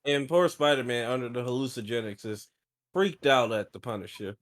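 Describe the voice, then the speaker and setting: A man's voice: mid-range voice, fairly quick, fairly bright tone. A man co-hosting a casual chat, making sarcastic, wry remarks. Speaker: podcast co-host.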